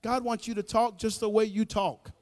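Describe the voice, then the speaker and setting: Male pastor, high tenor, folksy fervent preaching, big echoey church sound. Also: flat delivery, moderate pace. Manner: folksy, preachy, builds to shouting emphasis. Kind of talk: sermon. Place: church sanctuary.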